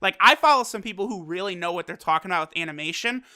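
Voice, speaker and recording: An excitable anime reviewer talking casually, swearing often and padding sentences with fillers. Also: medium pitch, quick pace. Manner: excitable and profane, with loose fillers.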